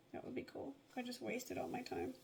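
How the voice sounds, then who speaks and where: Slightly high-voiced woman rambling to herself in a home vlog, muttery asides, faint room hum. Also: normal speed, creaky, darkish tone. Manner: rambling, self-mocking, muttering asides under her breath. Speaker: vlogger. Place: home, at a table.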